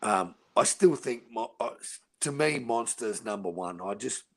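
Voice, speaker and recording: Aussie guy talking boxing, low gravelly husky voice, swears a lot, blunt. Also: lively intonation, measured pace, fairly bright tone. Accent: Australian. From Australia. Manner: blunt, crude and profane, says "mate" a lot. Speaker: podcast host. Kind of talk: casual chat.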